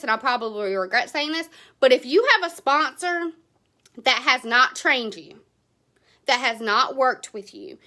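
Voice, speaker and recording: A woman's voice: sits high, bright, forceful tone. A woman, giving a blunt, passionate motivational talk to her sales team. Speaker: direct sales team leader.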